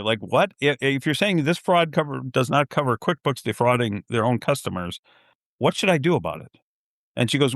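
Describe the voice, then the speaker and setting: A man's voice: mid-range voice, lively intonation, brisk, fairly bright tone, no room sound, clean studio sound. A middle-aged man on a podcast telling a story, acting out both sides of a phone call and laughing in disbelief. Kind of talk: casual storytelling.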